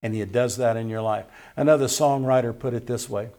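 A man preaching a folksy sermon who rises loud on scripture, his voice tiring. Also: mid-range voice, fairly even intonation, brisk. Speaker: pastor.

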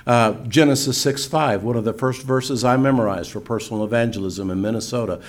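An older man preaching and teaching, reading scripture slowly and solemnly between folksy asides. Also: mid-range voice. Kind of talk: sermon-style teaching.

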